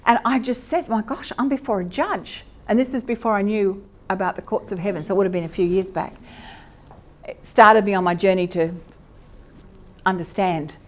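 A woman's voice: mid-range voice, moderate pace. A woman teaching at a church session, talking in a conversational way with fillers and self-corrections. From Australia. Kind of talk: sermon teaching.

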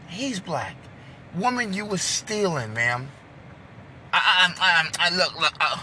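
A man giving loud, profane commentary in a rant that breaks into shouting. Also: sits high, animated, unhurried, a little hiss or hum. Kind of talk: ranting commentary.

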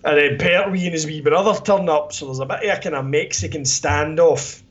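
A man's voice: on the high side, a little fast. Scottish guy, casual podcast host, rambles through plot recap, swears a lot, dull lo-fi sound. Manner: rambling, sweary, lots of "kinda" and "basically". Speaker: podcast co-host reviewing a film.

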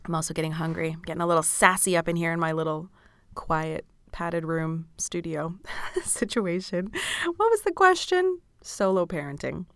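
A woman's voice: sits low, steady tone, normal speed, no room sound. A tired woman in her thirties hosting a podcast and answering listener questions in a padded studio, chatty and frank, swearing freely and laughing often. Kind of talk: candid casual chat. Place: small padded studio room.

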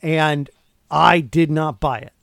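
A man co-hosting a podcast, recapping film scenes in an animated, casual way with lots of restarts. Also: on the high side, takes it slowly, gravelly, no room sound, clean studio sound. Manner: animated, retells scenes with quoted lines and restarts. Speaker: podcast co-host. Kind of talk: casual movie review chat.

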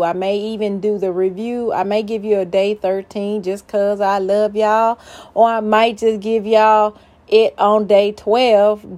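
Slow, chatty woman hosting a business vlog. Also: mid-range voice, mellow. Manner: chatty, loose, restarts and corrects herself, says y'all. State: has the hiccups. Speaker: small business podcast host. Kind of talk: casual solo video talk.

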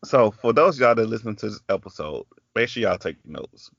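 A man's voice: lowish voice, animated, fairly quick, gravelly, fairly bright tone, dry recording, highs cut off. A man with a Southern US country accent hosting a podcast, telling a story in casual chat. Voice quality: chatty, storytelling with quoted voices. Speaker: podcast host.

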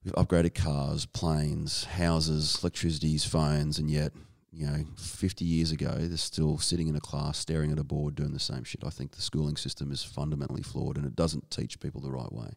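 An Australian man as a guest in a casual interview, talking in halting bursts full of restarts and casual swearing. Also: rumbling low, level tone, vocal fry. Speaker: guest, strength and conditioning coach.

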